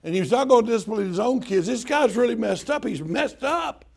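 A man's voice: very high voice, animated, a little fast, vocal fry, husky. An older man preaching a folksy sermon, joking with the congregation and acting out prayers in mock-crying voices. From Southern US. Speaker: pastor.

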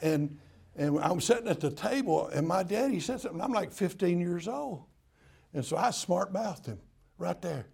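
A man's voice: sits high, lively intonation, moderate pace, gravelly, darkish tone, slightly rough. An older man from Tennessee with a Southern accent, preaching a sermon in a folksy, humorous storytelling way.

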